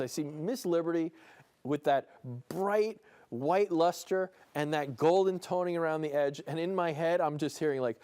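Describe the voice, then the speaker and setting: A man's voice: fairly high pitch, moderate pace, darkish tone, clean tone. A man with a New Jersey accent hosts a live broadcast auction, calling bids in a playful, enthusiastic way and chuckling between calls. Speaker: auctioneer and show host. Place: studio room with a small audience.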